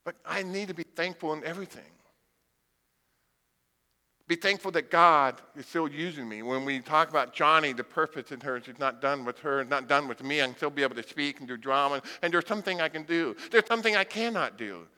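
Animated bright-voiced man preaching in a hall. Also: fairly high pitch, a little fast. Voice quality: blind speaker. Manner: humorous, animated storytelling with acted-out voices. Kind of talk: sermon with storytelling.

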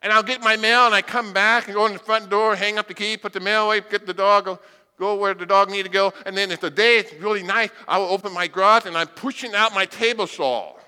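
Animated bright-voiced man preaching in a hall. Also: high-pitched, fast talker, clear, resonant tone. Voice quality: blind speaker. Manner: humorous, animated storytelling with acted-out voices. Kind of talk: sermon with storytelling.

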